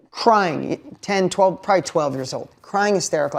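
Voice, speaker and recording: A man's voice: on the high side, normal speed, creaky. A middle-aged man giving a motivational talk to a live audience, emphatic, repeating key lines and putting questions to the listeners. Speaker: motivational speaker.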